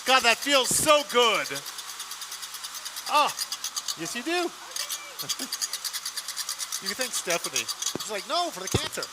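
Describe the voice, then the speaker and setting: A man leading a synagogue congregation, energetic and joking as he rallies them to shout along. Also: extremely high pitch, slow pace, pauses often, big-room sound, heavy background noise. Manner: energetic, joking, rallying the crowd. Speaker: service leader. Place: synagogue sanctuary.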